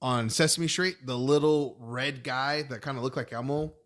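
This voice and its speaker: A man's voice: mid-range voice, normal speed, fairly bright tone. A young man co-hosting a podcast, swearing freely and laughing along while telling stories about his brothers. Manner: profane, reactive, laughs along. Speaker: podcast co-host. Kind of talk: casual chat.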